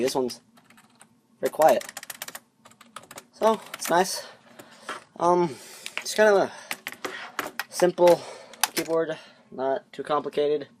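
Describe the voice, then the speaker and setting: A man's voice: fairly high pitch, slight background noise. A man chatting casually while unboxing off camera, rambling and muttering to himself as he fumbles, recorded by a camera on a tripod. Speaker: unboxing vlogger.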